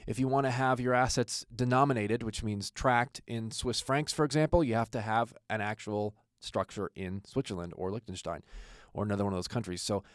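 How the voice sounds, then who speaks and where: A man's voice: on the low side, steady tone, a little fast, dry recording. American man hosting with dry humor. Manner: self-deprecating, joking, rambling with fillers. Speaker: podcast host, attorney. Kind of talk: casual podcast introduction.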